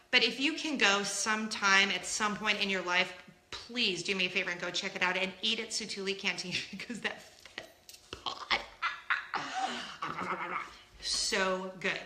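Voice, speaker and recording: A woman's voice: fairly high pitch, roomy sound. A woman, telling a story in a casual vlog, gushing and laughing often. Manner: gushing, laughs often, acts out loud gasps. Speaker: vlogger.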